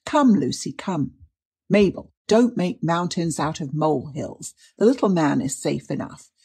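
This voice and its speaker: A woman doing a brisk, reassuring older lady. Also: deep voice, expressive, vocal fry, warm tone, slightly rough, heavily acted. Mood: soothing. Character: calm, soothing older woman friend.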